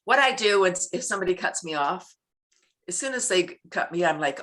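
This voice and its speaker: Woman, middle-aged, guest in casual interview, animated storyteller, laughs often, bright tone. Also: a little fast. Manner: animated, acts out scenes with sudden high-pitched voices and bursts of laughter. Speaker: laughter club founder, guest.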